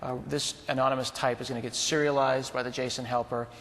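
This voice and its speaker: A man's voice: mid-range voice, little pitch movement, fairly quick, a bit bright, long reverb tail, slight background noise. A man co-presenting a tech talk in a laid-back, jokey way, calling people dude. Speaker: conference presenter. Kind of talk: joking tech talk banter.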